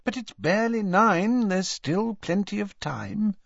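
A man voicing a kindly, patient middle-aged mother who talks gently and reassuringly, in an audiobook. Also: sits high, expressive, a little slow, creaky, dry recording, highs cut off, pitched above the performer's own voice, full character voice. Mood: soothing.

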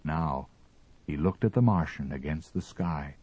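A man narrating a story as an audiobook reading, with expressive, measured storytelling. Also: a bass voice, breathy edge, muffled recording.

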